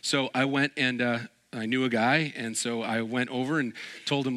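Bright-voiced male preacher. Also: medium pitch, normal speed. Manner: animated, acts out quoted voices, jokes and laughs. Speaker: pastor. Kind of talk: sermon.

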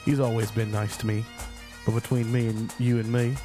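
A man's voice: mid-range voice, flat delivery, extremely slow, over music. A man reading a silly diary entry in a clumsy put-on Scottish accent, breaking into laughter now and then. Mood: mock earnest.

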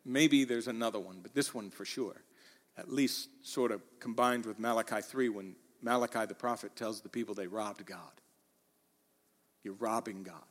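A man preaching a sermon in a church, animated, acting out the quoted lines with rising intensity. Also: lowish voice, normal speed, long reverb tail. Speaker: pastor.

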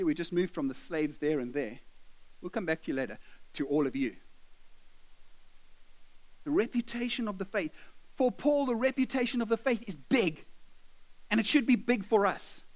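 A man with a high voice preaches in a church. He talks to the congregation as if chatting with them, addressing them directly and casually. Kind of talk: sermon.

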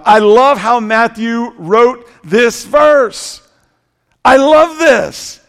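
Male preacher, very high voice, swings between hushed drawn-out phrases and loud repeated declarations in a reverberant hall. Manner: emphatic, repetitive preaching with sudden loud bursts and slow drawn-out phrases. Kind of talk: sermon. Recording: long reverb of a large hall.

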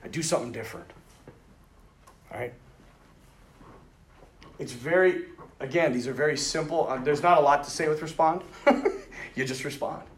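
A priest speaking to a group of men, telling lively stories with quoted dialogue and frequent laughter. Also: male voice, fairly high pitch, normal speed, long pauses. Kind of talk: storytelling talk to a men's retreat.

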